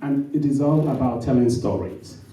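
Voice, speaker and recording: A man giving a humorous storytelling talk at a conference, acting out quoted dialogue in an animated way. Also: medium pitch, normal speed, a little hiss or hum. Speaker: conference speaker. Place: conference hall. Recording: roomy hall from a distant mic.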